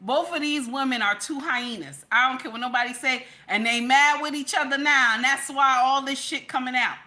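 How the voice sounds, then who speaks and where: Emphatic woman commentator, bright, slightly high voice, chatty and direct. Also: normal speed. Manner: chatty and emphatic, keeps repeating "okay?"; addresses viewers directly as "baby" and "y'all". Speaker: social media commentator. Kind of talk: casual live commentary.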